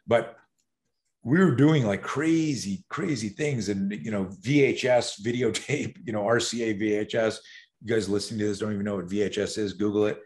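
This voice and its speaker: Low-voiced animated storyteller man in his 60s. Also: normal speed. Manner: animated, profane, acts out quotes. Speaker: self-defense expert guest. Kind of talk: podcast storytelling.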